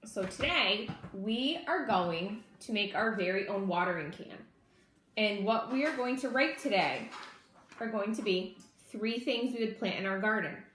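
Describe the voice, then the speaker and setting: A woman's voice: mid-range voice, lively intonation, unhurried, fairly bright tone, a little hiss or hum. A woman teacher reading a storybook aloud and speaking directly and kindly to young children. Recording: echoey room.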